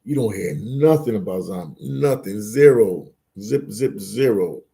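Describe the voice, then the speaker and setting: A man's voice: on the low side, lively intonation, measured pace, creaky, dark tone. A man hosting a casual live stream, reading chat aloud and bantering, repeating words and phrases as he goes. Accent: Philadelphia.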